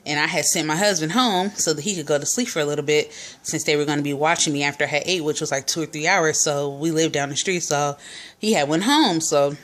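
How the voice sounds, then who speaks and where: A woman's voice: low-pitched, fairly quick, a bit bright. A young woman vlogger casually telling a personal story, chatty, full of fillers and quoted dialogue.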